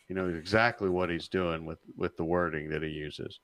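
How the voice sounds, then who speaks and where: A man's voice: low voice, steady tone, moderate pace, fairly bright tone. A man co-hosting a podcast in casual political discussion, hesitant and repeating words as he searches for them.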